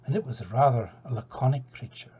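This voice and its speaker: A Scottish man telling a folk tale in a relaxed, chatty way, turning aside to his listeners. His voice is mellow and a little husky, and the recording sounds dull and lo-fi. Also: medium pitch, brisk. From Scotland. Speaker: storyteller.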